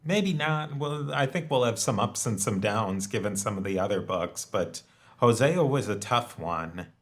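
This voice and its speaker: Podcast host guy, low voice, lots of ums and restarts, just chatting. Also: lively intonation, a bit bright. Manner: halting, many fillers and restarts. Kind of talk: casual conversational discussion.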